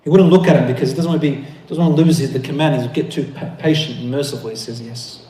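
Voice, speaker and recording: Animated male preacher in an echoey room. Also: medium pitch, very fast, a little hiss or hum. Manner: animated storytelling with rising emphasis. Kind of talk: sermon storytelling.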